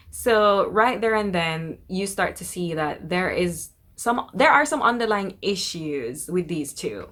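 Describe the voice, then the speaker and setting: A young woman casually recapping a TV episode, chatty and animated, quoting the characters in quick bursts. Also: fairly low pitch. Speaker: TV episode reviewer.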